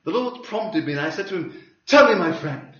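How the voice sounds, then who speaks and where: A man preaching a sermon, telling a story with wry humor and lively delivery. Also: high-pitched, brisk. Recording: roomy hall from a distance, dull sound.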